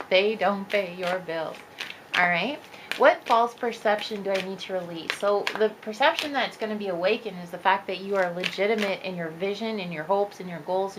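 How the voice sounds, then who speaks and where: A woman's voice: medium pitch, background noise. A woman giving a chatty, upbeat tarot reading, talking straight to her viewers as a spiritual coach. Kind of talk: casual tarot reading monologue.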